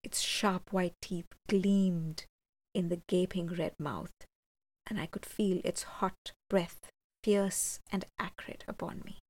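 A woman reading a first-person gothic story aloud, measured and slowing for suspense. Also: fairly low pitch, steady tone, a little mellow, no echo. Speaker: audiobook reader.

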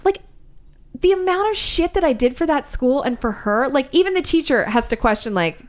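A woman in her thirties, a podcast co-host, telling a story in a casual, profane, animated way and quoting other people's voices. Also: high-pitched, normal speed. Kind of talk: casual chat.

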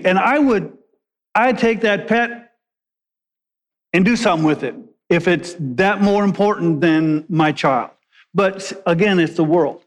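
A man preaching a sermon, a pastor telling stories in a conversational way with joking asides. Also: high voice. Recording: long hall reverb.

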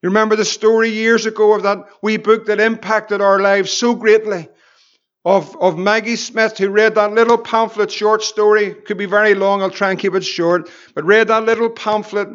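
A Northern Irish man, a pastor, preaching a Bible study with fervent exclamations and slow, emphatic repetitions. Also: high voice, flat delivery, a bit bright, clear, resonant tone, lo-fi sound.

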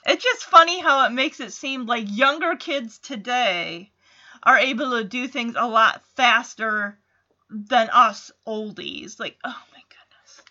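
Woman, casual show recap, chatty, amused asides, high and bright, slightly muffled audio. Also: lively intonation, measured pace. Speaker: TV episode recapper.

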